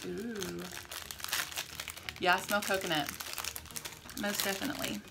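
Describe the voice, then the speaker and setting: A middle-aged woman co-hosting a casual tasting vlog with her daughter, upbeat and quick to sound delighted. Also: mid-range voice, steady tone, gravelly, very noisy. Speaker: vlog co-host, mother. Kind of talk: casual chat.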